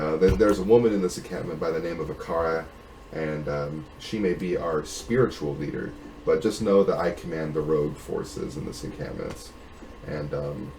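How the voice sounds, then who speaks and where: A man with a deep voice voicing a composed, stern woman who leads a mercenary camp, with many fillers, in a roomy echo. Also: mellow, distant mic, slight background noise.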